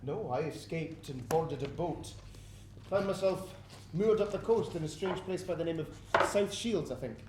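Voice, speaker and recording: An earnest Scottish nobleman on the run speaks in a formal, slightly flustered way, as a man acts him out in a stage play. His voice sits fairly high. It rings through an echoey outdoor space with steady background noise. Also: normal speed, natural voice. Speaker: actor.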